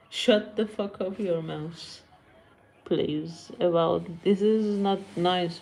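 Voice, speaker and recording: A woman's voice: lowish voice, dark tone. A woman live streamer chatting casually with viewers, blunt and scolding, answering comments and switching between languages.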